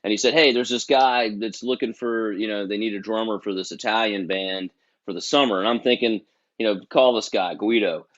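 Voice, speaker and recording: A man chatting as a guest, telling an animated story and acting out other people's lines. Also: fairly low pitch, a little fast, muffled recording. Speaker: guest musician. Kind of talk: casual chat.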